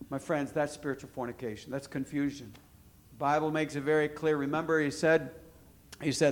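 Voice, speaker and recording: A man's voice: fairly high pitch, fairly even intonation, moderate pace. A man preaching a sermon to a congregation, emphatic, asking questions and answering them himself.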